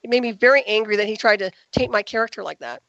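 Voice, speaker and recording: A woman guest telling her story in an interview, talking rapidly and emphatically. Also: mid-range voice, lively intonation, fairly bright tone, dry recording, dull audio. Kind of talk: radio interview call.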